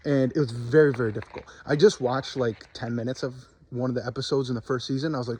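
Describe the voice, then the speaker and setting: A man talks to his camera outdoors in the cold, speaking at an ordinary middle pitch. His delivery is candid and rambling, full of "um" and "like" and self-corrections, as if he is thinking out loud for his viewers. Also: fairly even intonation, quick pace, hardly any pauses, slightly rough. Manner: rambling and candid, lots of fillers and restarts. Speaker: vlogger documenting language learning. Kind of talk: casual talking-to-camera vlog.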